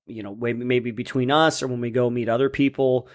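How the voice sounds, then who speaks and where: A man's voice: mid-range voice, fairly even intonation, fairly quick. A man co-hosting a casual podcast chat, laid-back and often ending his lines with 'man'. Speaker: podcast co-host.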